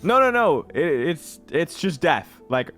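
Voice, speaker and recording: Slow-talking lively game master man. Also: on the high side, soft background music. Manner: chuckling, restarts often. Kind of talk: narrating a tabletop game.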